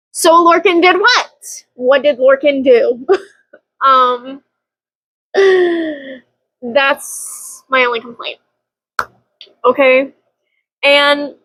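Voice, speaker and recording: High-voiced chatty young woman. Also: a bit bright, dry recording, poor audio. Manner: chatty, dramatic, laughs often, swears casually. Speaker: book vlogger. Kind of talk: casual chat.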